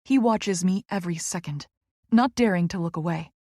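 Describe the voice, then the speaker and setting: A woman narrating a first-person romance audiobook in a slow, hushed, intimate way. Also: fairly low pitch, no room sound, clean studio sound.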